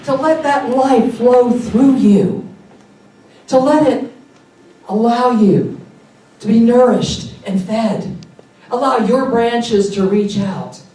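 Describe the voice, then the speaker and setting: A woman giving a sermon at a church service, enthusiastic and animated, with excited exclamations. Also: fairly high pitch, slow pace, long pauses. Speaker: guest speaker at a church service. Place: large sanctuary during a service. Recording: echoey hall, picked up from a distance.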